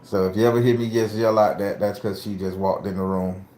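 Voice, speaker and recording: A man's voice: on the low side, steady tone, fairly quick, darkish tone. A blunt, profane middle-aged man talking casually to his viewers, laughing easily. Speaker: spiritual vlogger and father. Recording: echoey room.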